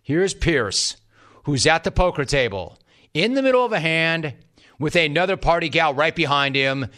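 A man's voice: a little high, lively intonation, moderate pace, bright, forceful tone. A man delivering scripted sports commentary in a wry, mocking way.

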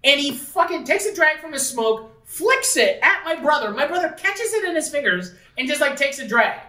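A man rambles through a story, full of filler words and cursing. His voice is bright and sharp. He sits well back from the mic in an echoey room. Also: very high-pitched, big pitch swings, normal speed, far from the mic. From Niagara region of Ontario, Canada. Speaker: podcast host. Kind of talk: casual podcast chat.

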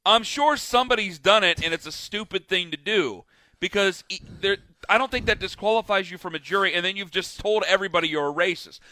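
A man co-hosting a sports radio show, talking in a rambling, self-deprecating way that often trails off into quiet asides. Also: high-pitched, fairly quick. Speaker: radio co-host. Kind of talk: casual sports radio banter.

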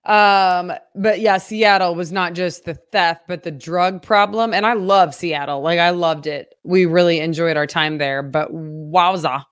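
Female podcast co-host, lower voice, breezy headline reads with casual asides. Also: unhurried, hardly any pauses, smooth. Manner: chatty, upbeat, reads stories then riffs. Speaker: local news podcast co-host. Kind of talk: casual news chat and reading headlines.

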